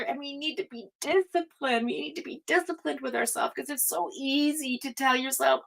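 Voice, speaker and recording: A woman's voice: high voice, normal speed, gravelly, hardly any pauses, fairly bright tone, rough recording. A woman giving a casual, rambling tarot reading, full of fillers and asides. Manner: chatty, rambling, frequent fillers and laughs. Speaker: tarot reader.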